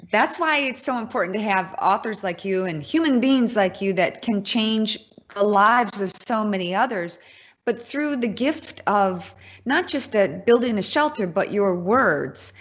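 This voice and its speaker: A woman's voice: medium pitch, lively intonation, a little slow, highs cut off. Affirming woman podcast host. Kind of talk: interview.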